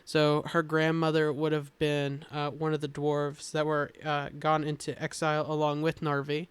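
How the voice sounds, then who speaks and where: A man on a casual podcast, explaining characters in a halting, thoughtful way with many filler pauses. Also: on the high side, monotone, clean tone, no room sound. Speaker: game designer explaining characters.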